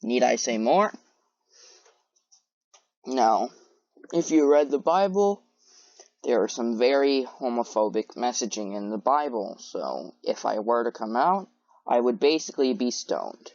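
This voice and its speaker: A woman's voice: a bass voice, animated, measured pace, pauses often, darkish tone. A woman commentating on clips in a sarcastic, incredulous way, with many hesitant fillers. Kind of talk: reaction commentary. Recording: dull lo-fi dry recording.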